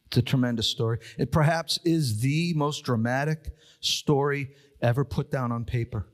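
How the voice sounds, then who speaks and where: A male pastor preaching a sermon, reading scripture low and solemn, then building to urgent, rising appeals. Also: moderate pace. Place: church sanctuary.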